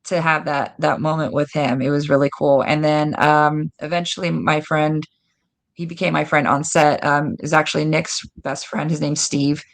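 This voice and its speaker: A woman guest telling lively stories in a casual interview, acting out quoted dialogue. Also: low voice, normal speed. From United States. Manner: animated, lots of "like" and quoted dialogue. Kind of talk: casual storytelling.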